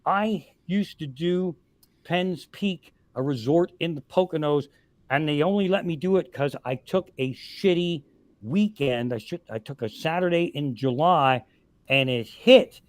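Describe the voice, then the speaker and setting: A man's voice: on the high side, unhurried, dry recording. A man, a stand-up comedian, telling stories on a podcast with heavy swearing and exasperated rants. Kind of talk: profane comic storytelling. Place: podcast studio.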